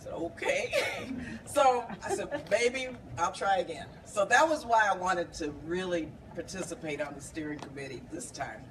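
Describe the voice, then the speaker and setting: A woman's voice: on the low side, animated, moderate pace, a bit bright. A woman, a congresswoman hosting a reception, speaking conversationally with wry laughs, recorded from a distance. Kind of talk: speech introducing speakers. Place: bar reception room, indoors. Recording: distant camera with background noise.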